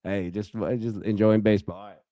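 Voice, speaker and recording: A man's voice: fairly low pitch, fairly even intonation, brisk, mellow, no echo. A man hosting a live sports betting stream, chatting loosely with viewers and reacting to a baseball game, with lots of fillers and restarts. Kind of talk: casual live-stream chat.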